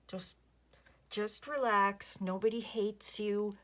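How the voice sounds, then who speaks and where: A woman in her fifties chatting casually while she crafts, rambling softly and muttering asides to herself. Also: mid-range voice, steady tone, slow. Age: 50s. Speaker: crafting vlogger.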